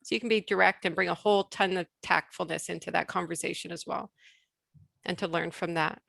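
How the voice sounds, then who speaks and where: A woman speaking as a guest on leadership in a casual webinar conversation over a video call, animated and quick to restart her sentences. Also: lowish voice, gravelly, dry recording. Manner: animated, quick restarts, laughs between points.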